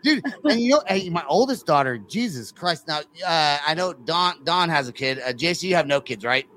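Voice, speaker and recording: A middle-aged man hosts a podcast, his voice on the high side and his pace moderate, though the audio quality is poor. He's an animated storyteller, laughing through a loose, casual chat full of profane stories.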